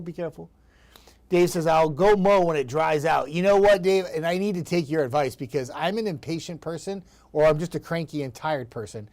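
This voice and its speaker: A man's voice: a little high, darkish tone. A man hosting a casual live weather chat, greeting viewers by name in a chatty, self-deprecating, upbeat way.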